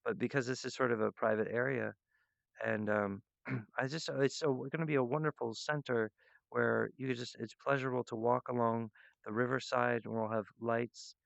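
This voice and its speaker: A man rambling earnestly and emotionally to his viewers, halting often with restarts and fillers. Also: medium pitch, fairly even intonation, vocal fry, fairly bright tone, dry recording, lo-fi sound. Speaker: artist addressing viewers. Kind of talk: rambling direct-to-camera monologue.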